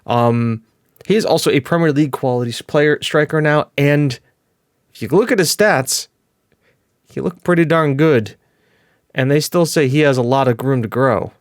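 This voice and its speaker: A man's voice: fairly high pitch, moderate pace, no echo. Chatty man, dry close sound. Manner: chatty, rambling, with fillers and self-corrections. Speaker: gaming video host. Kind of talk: casual gameplay commentary.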